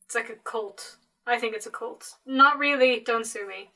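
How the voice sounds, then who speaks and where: A young woman guest on a casual podcast, her voice bright and slightly higher than average. She speaks playfully, teasing and hedging with filler words and little backtracks. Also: moderate pace.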